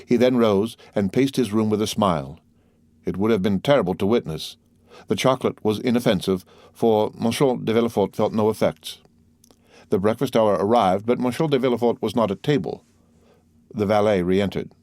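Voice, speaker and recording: Low-voiced man reading a classic novel. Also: normal speed, darkish tone, dry recording, clean studio sound. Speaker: audiobook reader. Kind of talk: scripted narration.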